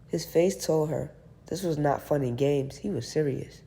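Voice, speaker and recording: A woman narrating an audiobook in a steady, even reading voice. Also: low-pitched, moderate pace, gravelly. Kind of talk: scripted narration.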